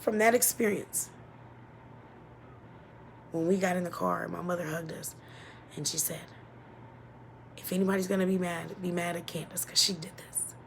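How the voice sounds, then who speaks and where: A woman telling a painful childhood story as a personal testimony, halting and emotional, often dropping to a near-whisper. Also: fairly low pitch, steady tone, gravelly, slight background noise. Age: adult.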